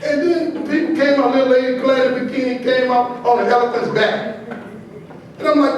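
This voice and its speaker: Middle-aged male motivational speaker, high voice, storytelling cadence, distant echoey hall. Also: a little fast. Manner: animated, preacher-like repetition and building cadence. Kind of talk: motivational speech with humorous storytelling. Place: large hall at a podium. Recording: echoey hall, voice from far off, faint noise.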